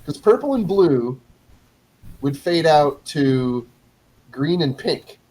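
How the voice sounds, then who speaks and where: A man's voice: on the high side, expressive, takes it slowly, darkish tone, low-quality recording. A man chatting casually, telling a rambling story with frequent laughs and restarts.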